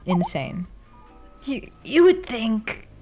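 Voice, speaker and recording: A woman's voice: on the high side, big pitch swings, very slow, darkish tone, faint music behind. A young woman streamer chatting casually while drawing, blunt and candid, swearing freely and laughing often.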